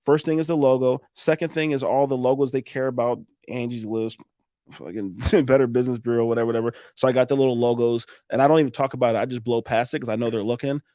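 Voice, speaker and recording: A man's voice: mid-range voice, fairly even intonation, quick pace, mellow, no echo, studio quality. A man, a roofing contractor telling sales stories in a casual interview, acting out both sides of conversations and swearing freely.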